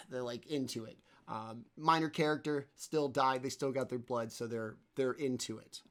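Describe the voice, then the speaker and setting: A man narrating a tabletop role-playing game as game master, in a loose, unhurried way full of fillers. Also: mid-range voice, steady tone.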